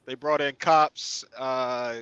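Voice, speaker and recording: A man's voice: mid-range voice, steady tone, takes it slowly, fairly bright tone, smooth, dull audio. A man co-hosting a podcast, chatting in a casual, laid-back way. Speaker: podcast co-host. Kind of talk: casual chat.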